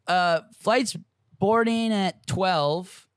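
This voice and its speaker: A young man telling animated stories in casual podcast chat, swearing freely as a comedian guest. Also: high voice, drawn-out words, clean tone. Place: podcast studio.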